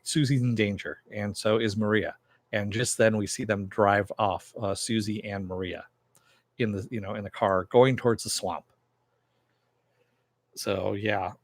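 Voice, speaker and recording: A man's voice: fairly low pitch, no echo. A man hosting a casual TV episode recap and review, talking loosely with lots of fillers and jokey asides.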